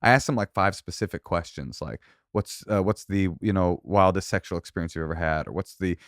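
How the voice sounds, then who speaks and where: A man in his forties, a comedian guest on a podcast, talking fast with quick restarts. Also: low voice, a bit bright, dry recording, clean studio sound. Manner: fast, talky, self-correcting restarts. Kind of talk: casual conversation.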